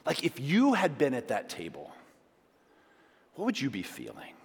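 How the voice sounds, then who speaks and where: A male pastor preaching a sermon, moving between loud, emphatic pleas and hushed asides. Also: medium pitch, wildly swooping pitch, moderate pace, creaky, breathy edge. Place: church sanctuary. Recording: long reverb of a large hall.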